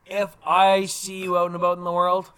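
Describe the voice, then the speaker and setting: A man's voice: sits high, completely flat delivery, moderate pace, fairly bright tone, smooth. A man from Canada co-hosting a podcast, mostly agreeing in short, easygoing replies. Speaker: podcast co-host. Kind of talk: casual chat.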